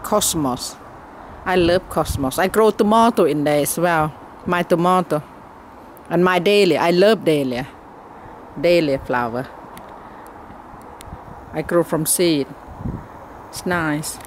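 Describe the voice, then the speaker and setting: A woman's voice: fairly low pitch, slow, long pauses, a little hiss or hum. A Thai-accented woman, a native Thai speaker, giving a chatty tour of her home garden outdoors in simple broken English. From Thailand. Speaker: gardening vlogger.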